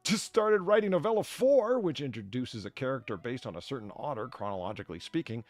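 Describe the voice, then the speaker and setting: A man's voice: mid-range voice, lively intonation, brisk, no echo. A man from the United States hosting a live stream, chatting casually in a rambling, profane way that is full of restarts. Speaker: streamer and bartender host.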